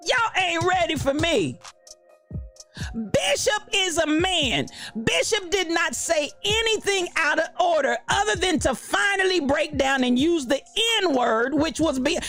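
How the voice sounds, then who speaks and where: A woman's voice: very high voice, very animated, a little slow, fairly bright tone, soft background music. Fired-up woman ranting on a livestream. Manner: fired-up, preachy, repeats phrases. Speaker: host. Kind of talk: livestream commentary rant.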